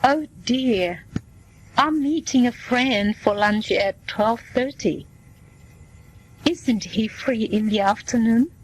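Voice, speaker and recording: A woman's voice: fairly high pitch, a little hiss or hum, low-quality recording. A woman reading as a patient booking a visit. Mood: plain. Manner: slow, plain reading voice. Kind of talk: scripted dialogue for learners.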